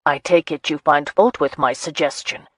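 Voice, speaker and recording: A woman's voice: low-pitched, fairly even intonation, moderate pace, no echo. A woman voicing an aloof, guarded marquis with clipped, dry speech in an audiobook. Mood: teasing. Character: brooding aloof male marquis, teasing, guarded.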